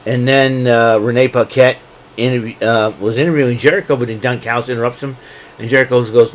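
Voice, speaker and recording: A man's voice: mid-range voice, fairly even intonation, fairly quick, a little hiss or hum, low-quality recording. A man casually recapping a wrestling show, rambling with lots of fillers and frequent laughs. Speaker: podcast host recapping wrestling.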